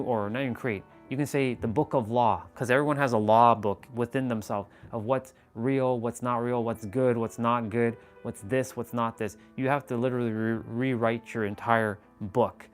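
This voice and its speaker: Man, live-stream motivational talk, middle pitch, intense and preachy, faint music behind. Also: steady tone, normal speed, hardly any pauses. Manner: preachy, intense, casual with swearing.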